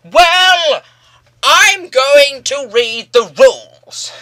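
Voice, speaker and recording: A young man putting on the voice of a bossy old female exam invigilator, shouting the rules slowly and primly. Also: extremely high pitch, animated, pitched above the performer's own voice, exaggerated voice.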